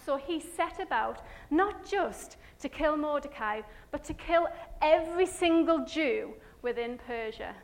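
A woman giving a chatty, animated Bible story talk with slides, full of fillers and asides to her listeners. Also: sits high, measured pace, hardly any pauses.

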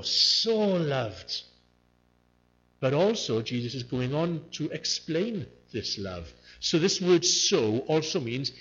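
A man preaching a sermon in an earnest way, repeating key words to stress them. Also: a little high. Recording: muffled lo-fi recording.

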